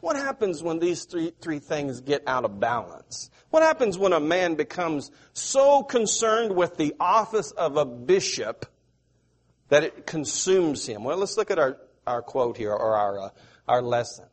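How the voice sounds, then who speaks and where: Man, middle-aged preacher, slightly high voice, questions the congregation. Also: very animated. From American South. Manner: slow, repetitive, asks the audience questions. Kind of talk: sermon.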